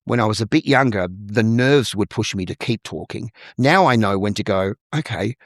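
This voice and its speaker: A middle-aged Australian man, a musical theatre performer and vocal coach, chats thoughtfully as a guest in a casual interview, telling stories and acting out little dialogues. His voice is fairly low and moderately paced, captured in clean studio sound with no room noise.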